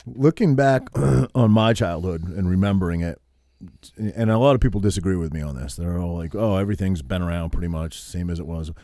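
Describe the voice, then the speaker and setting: Middle-aged podcast host from maine, low mellow voice, dry close mic, thoughtful chat. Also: male voice, a little fast, no echo. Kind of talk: casual chat.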